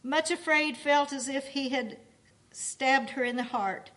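A woman with a high voice reads a story aloud at a church service. She paraphrases as she goes, in an unhurried, earnest tone. Her delivery is slow and measured. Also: a bit bright. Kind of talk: reading a book aloud with paraphrase.

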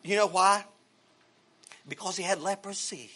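A man preaching a fervent sermon, swinging from shouts to hushed tones, with folksy phrasing and rhetorical questions. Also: high voice, measured pace. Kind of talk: evangelical sermon.

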